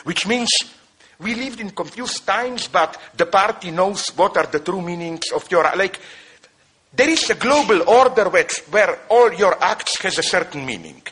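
A man's voice: sits high, unhurried, husky. A man giving a digressive public lecture, telling jokes and often correcting himself mid-sentence. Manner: animated, digressive, self-correcting, tells jokes.

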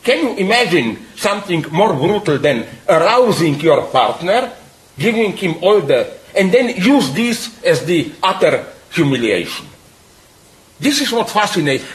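A man making an animated spoken argument, emphatic, with frequent apologetic asides, many hesitant pauses and laughs at his own points. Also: high-pitched, poor audio.

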